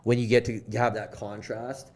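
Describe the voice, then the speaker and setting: Man, young adult, from Canada, podcast guest, casual storytelling, animated, filler-heavy. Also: medium pitch, moderate pace. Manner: animated, lots of fillers, quoted dialogue.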